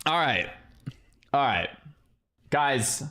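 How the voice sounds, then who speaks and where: Brief: male stream host, casual and repetitive, mid pitch. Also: expressive, very slow, sharp tone. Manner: chatty, repeats himself, addresses viewers. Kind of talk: casual reaction commentary.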